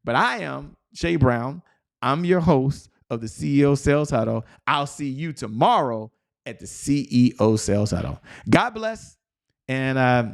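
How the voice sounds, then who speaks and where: A man's voice: medium pitch, creaky. Fired-up man hosting a motivational sales show. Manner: energetic, excited, repeats phrases for emphasis; chants belief statement slowly for the audience to repeat. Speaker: host.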